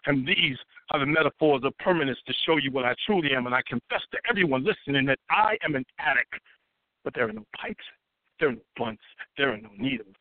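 A man's voice: fairly high pitch, dry recording. A man performing spoken word poetry as a guest poet, with a rhythmic, dramatic delivery that swells for emphasis. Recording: tinny phone-like line.

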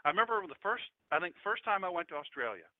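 An American man preaches a radio sermon, swinging from low asides to loud, emphatic storytelling. His voice sits fairly high for a man. The sound is dry and thin, like it is coming through a phone line. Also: sing-song, fast talker, no echo. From United States. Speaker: pastor. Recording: dry tinny phone-like audio.

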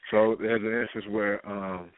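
A man's voice: fairly low pitch, measured pace, no echo. A man, a guest playwright chatting casually on a talk show and acting out the people in his stories. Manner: animated storyteller, acting out quoted characters. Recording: tinny phone-line audio.

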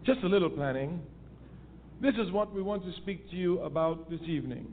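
A man's voice: sits high, brisk. A man giving an emphatic political lecture, repeating key phrases for stress. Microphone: phone line. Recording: tinny phone-line audio with faint noise.

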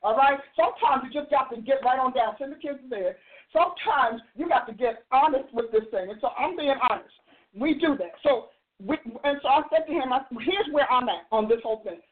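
A woman in her sixties telling a story and arguing emphatically, like a host preaching to her audience. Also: high-pitched. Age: 60s. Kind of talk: animated opinion talk. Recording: tinny phone-like sound.

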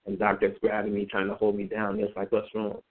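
A man telling his personal story in a halting, conversational way, with many fillers and repeated words. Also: lowish voice, completely flat delivery. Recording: phone-like narrow band.

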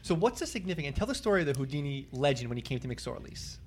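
A man hosts a podcast from inside an old bar and keeps the guest moving with rapid questions. He talks at a brisk clip, pitched fairly low and steady for his prompts, and laughs along with her stories. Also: breathy edge. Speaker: podcast host. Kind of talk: casual interview chat.

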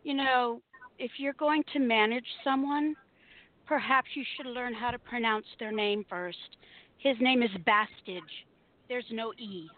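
Haughty, prim lady with a high voice, phone-like audio, put on by a woman. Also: measured pace, lightly acted. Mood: condescending. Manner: condescending, prim. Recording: phone-like narrow sound.

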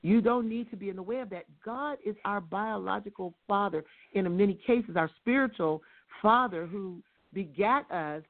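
A woman teaching on a religious talk show, emphatic and fond of rhetorical questions, with her stresses rising close to shouting. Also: medium pitch, moderate pace. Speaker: guest speaker. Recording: tinny phone line.

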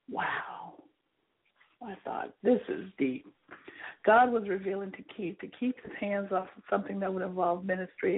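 Husky woman reading her memoir. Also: mid-range voice. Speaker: author reading her book. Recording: tinny phone-like audio.

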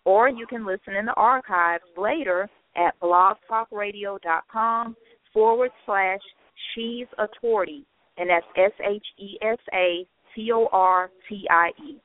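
A woman hosts a radio talk show in a friendly, chatty manner, with a pitch that sits right in the middle. She comes through a thin, tinny phone line. She laughs easily between her words. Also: steady tone, measured pace. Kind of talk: casual internet radio chat.

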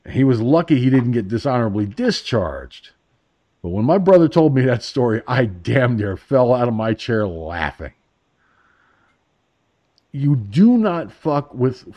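A man's voice: medium pitch, dark tone, muffled recording. An American man hosting an internet radio show, telling a story casually, swearing and rambling with many restarts. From United States.

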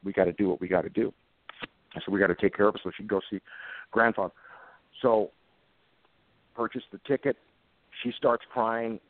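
Over a tinny, phone-like line with dry sound, a fifties-aged police officer guest shares anecdotes in conversation. His low voice is steady and brisk, with frequent pauses, and he's earnest and plain-spoken, turning emotional as he recalls events.

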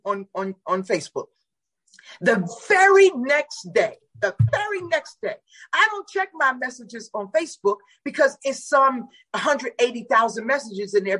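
A woman pastor, a guest on the show, telling a testimony story in an animated way and acting out the voices in it. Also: husky, poor audio. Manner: dramatic, acts out the voices in her stories with big pitch leaps.

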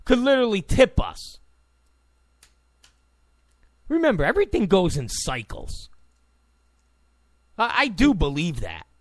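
A man's voice: sits high, wildly swooping pitch, a little slow, pauses often, no room sound. A man giving a heated political rant, repeating his points with sarcastic asides. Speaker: political commentator.

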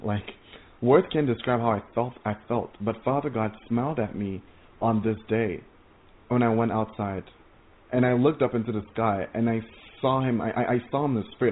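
A man giving an informal testimony sermon, earnest and excitable, rambling with many stammered restarts. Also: mid-range voice. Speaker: preacher sharing visions. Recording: tinny phone-like audio.

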